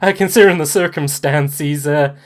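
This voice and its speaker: Laughing, chatty game master. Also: mid-range voice. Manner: chatty, laughing narration with quick asides. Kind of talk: narrating a tabletop game.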